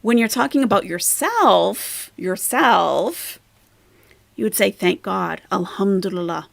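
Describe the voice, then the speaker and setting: A woman's voice: medium pitch, animated, slow pace, vocal fry, no room sound. A woman hosting a reaction commentary, mocking the person in the clips she plays. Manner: scornful, mocking. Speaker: commentary channel host.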